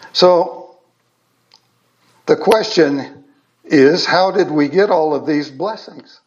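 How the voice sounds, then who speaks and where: Guy preaching a sermon real slow and earnest, kinda high voice, muffled lo-fi sound. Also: a little mellow. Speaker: pastor.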